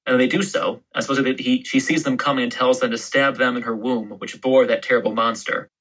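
A man's voice: mid-range voice, fairly even intonation, brisk, fairly bright tone, poor audio. A man as a historian guest on a podcast interview, explaining history in long, loose storytelling turns.

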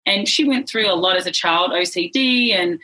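A woman's voice: lowish voice, normal speed, low-quality recording. A woman guest telling an emotional personal story in earnest, sometimes close to tears, acting out the voices of people she quotes. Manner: earnest, tearful at times, lively quoted voices.

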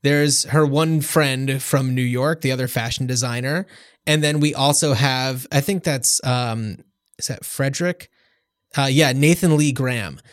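Man, podcast co-host, casual rambling film chat, mid pitch, dry close mic. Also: a little slow, dry recording. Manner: rambling, many fillers and restarts.

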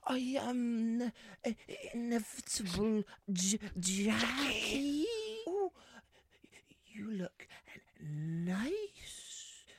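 A man voicing an awkward sitcom dad playing a cosmic tyrant, halting and stuttering with drawn-out words. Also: sits high, lively intonation, pitched above the performer's own voice, heavily acted. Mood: pompous.

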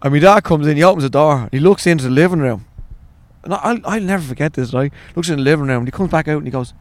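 A man's voice: a little high, very fast, no echo. A man with an Irish accent, in his forties, telling swearing, laughing anecdotes about his family in a casual interview. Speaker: guest, author.

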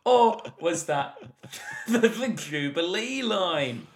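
A man's voice: sits high, expressive, very slow, background noise. A man co-hosting a podcast as quiz master, teasing his co-host and laughing often through casual comedic banter.

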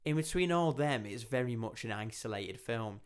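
A young man hosts a relaxed film podcast in a middle-pitched voice. He is chatty and animated, and he acts out lines from scenes with playful jumps in tone. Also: moderate pace, clean tone. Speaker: podcast host. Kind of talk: casual film review chat.

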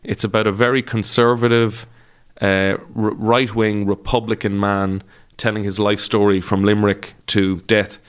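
A man's voice: on the low side, level tone, moderate pace, clear, resonant tone. A man with an Irish accent, a comedian guest chatting casually on a podcast and telling stories with laughs and swearing. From Ireland.

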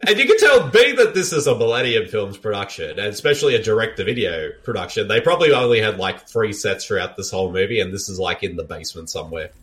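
Male co-host, lively swinging pitch, goofy banter. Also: fast talker, hardly any pauses. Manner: goofy, riffing, laughs a lot. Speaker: podcast co-host. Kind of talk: casual movie watch-along chat.

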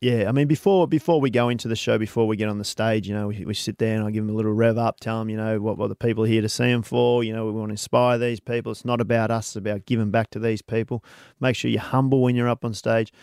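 A man's voice: lowish voice, fast, hardly any pauses, clear, resonant tone, dry recording, studio quality. An Australian man, a guest hairdresser, telling stories in a casual interview and often saying "you know". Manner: lively storyteller, leans on "you know".

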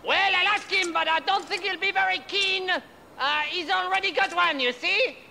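List: taunting French castle guard, put-on French accent, very high, gravelly. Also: male voice, steady tone, moderate pace, bright, forceful tone, full character voice. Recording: old film audio with faint hiss.

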